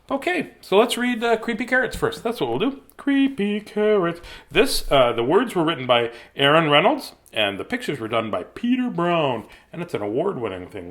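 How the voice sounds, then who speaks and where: Male host, fairly high and very lively voice, playful live-stream chat, greets viewers by name. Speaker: host reading bedtime stories to kids.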